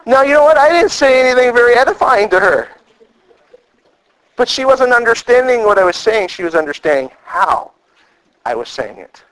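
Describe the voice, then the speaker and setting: A man's voice: very high-pitched, normal speed, rough recording. A middle-aged male pastor preaching a sermon, telling stories and acting out the lines he quotes. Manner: animated storytelling, acts out quoted lines.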